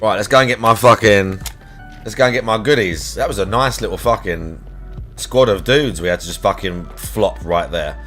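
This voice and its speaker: A man's voice: fairly low pitch, moderate pace, fairly bright tone, faint music behind. A man chatting casually on a live stream, crude and sweary, teasing his cat and ranting between plays.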